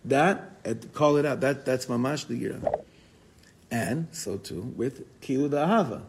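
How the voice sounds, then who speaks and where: A man giving an informal, animated Torah class, telling stories and mixing in Hebrew and Yiddish words. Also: mid-range voice, unhurried, a little hiss or hum, low-quality recording. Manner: animated storytelling, code-switching with Hebrew and Yiddish terms.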